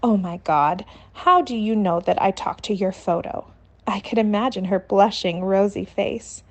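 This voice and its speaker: Woman, audiobook narrator, steady even reading, mid pitch. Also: moderate pace.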